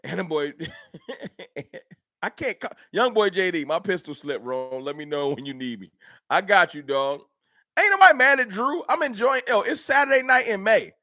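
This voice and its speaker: Animated trash-talking man on a livestream. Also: high voice, moderate pace, dry recording, studio quality. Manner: trash-talking, animated, reads chat aloud. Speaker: livestream host. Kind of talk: casual livestream sports banter.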